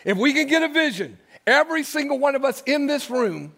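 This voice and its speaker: High-voiced preaching man, impassioned. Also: very animated, brisk, fairly bright tone. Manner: impassioned, building through repeated phrases. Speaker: pastor. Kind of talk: sermon. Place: church sanctuary before a congregation.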